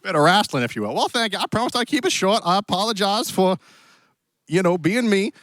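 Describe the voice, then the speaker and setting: A man hamming it up as a lively cowboy host. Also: high voice, fairly quick, dry recording. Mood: playful. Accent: put-on Western cowboy drawl. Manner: playful, jokey, theatrical. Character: hammy Old West cowboy host, playful and theatrical. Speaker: event host. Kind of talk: live stream hosting in character. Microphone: handheld stick mic.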